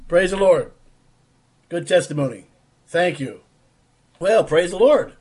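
Male prayer-room host, husky, a touch high, earnest preacherly delivery. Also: animated, unhurried, darkish tone. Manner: earnest, preacherly, quotes hymn lines. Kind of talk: casual sermon.

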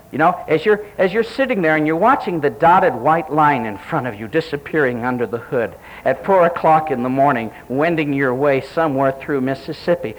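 A middle-aged man preaching, telling a story with lively quoted dialogue and direct questions to the congregation. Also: mid-range voice, poor audio. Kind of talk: sermon.

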